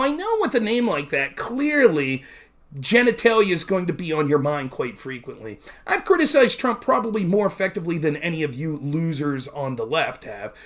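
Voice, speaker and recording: A man's voice: high voice, fairly bright tone. A man hosting a livestream of political commentary, talking casually and sarcastically while answering viewer comments. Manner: sarcastic, mocking, reads chat aloud.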